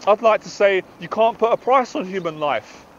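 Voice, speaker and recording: A man's voice: sits high, expressive, normal speed, lo-fi sound, a little hiss or hum. A British man, a confidence coach, giving a passionate, emphatic motivational talk to camera outdoors.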